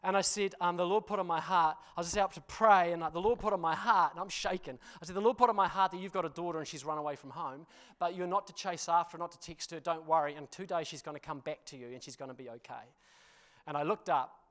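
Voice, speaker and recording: A man with a fairly high voice preaches to his congregation. He tells stories in an animated, self-deprecating way, laughing at himself, and keeps checking in with his listeners. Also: quick pace. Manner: addresses congregation with frequent "you know" and "hmm?". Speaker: pastor. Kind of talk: storytelling sermon.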